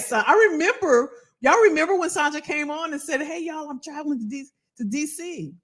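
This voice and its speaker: Animated, preachy woman hosting a live stream. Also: high voice, a little fast, few pauses. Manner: animated, preachy and encouraging, repeats phrases. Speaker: livestream host reading viewer comments. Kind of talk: motivational live chat.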